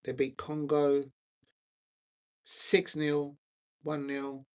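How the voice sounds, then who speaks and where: Hosting a football watch-along chat on his own, a man speaks in a high-ish, slightly mellow, clean voice with completely flat delivery and drawn-out words. He's hesitant and scattered, full of ums and restarts, searching his notes as he talks.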